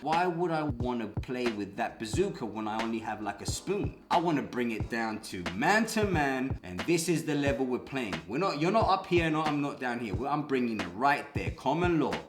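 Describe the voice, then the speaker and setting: Talking straight to the camera, this man recounts his legal battle with a sense of grievance and strong emphasis, voicing both parties' lines himself. His mid-range delivery is very animated and rapid, with few pauses, set against an echoey room and background music.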